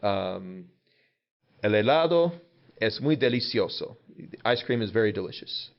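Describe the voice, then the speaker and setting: A man's voice: lowish voice, lively intonation, normal speed, muffled recording. A man teaching a vocabulary lesson to young students, patient and casual, repeating each word and explaining it plainly. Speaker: Spanish teacher.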